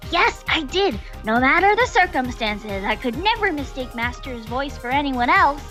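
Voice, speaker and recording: A clingy, upbeat young man whines for his master in a visual novel voiced by players. His voice sits high and swings lively. A woman performs him. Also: moderate pace, faint music behind, full character voice. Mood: eager. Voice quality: whiny.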